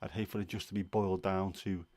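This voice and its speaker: A man with a lilt talks in a fairly low voice, chatting his way through a relaxed livestream. He rambles a little and is openly opinionated, and he often pauses with an "um." The sound is close and dry, with no room echo. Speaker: livestream host. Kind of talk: casual livestream chat.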